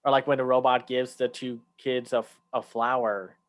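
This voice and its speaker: A man's voice: medium pitch, flat delivery, moderate pace. Chatty man, full of fillers. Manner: chatty, many fillers and restarts; acts out lines from a film in raised voices. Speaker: podcast co-host. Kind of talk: casual chat.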